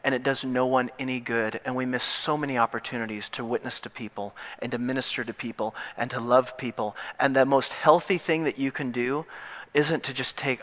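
A man preaching a sermon as pastor, animated and joking, swinging between loud, emphatic points and hushed, intimate asides. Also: mid-range voice, brisk, big-room sound.

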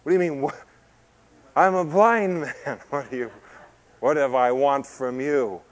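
A man's voice: medium pitch, a little slow, natural voice, low-quality recording. A man voicing a blind male beggar within a sermon, pleading and disbelieving. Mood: incredulous.

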